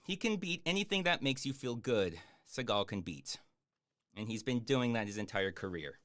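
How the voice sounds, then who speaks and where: A man chatting casually on a live stream, answering viewer questions in a rambling, jokey way with lots of fillers and deadpan boasts. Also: medium pitch. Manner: hesitant with many fillers. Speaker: YouTube streamer answering chat.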